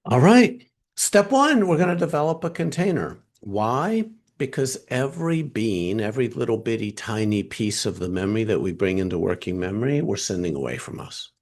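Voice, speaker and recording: A man leads a training session over a video call. His pitch rises and falls a great deal as he teaches, and he keeps posing quick questions to the group before answering them himself. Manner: animated, asks and answers his own questions.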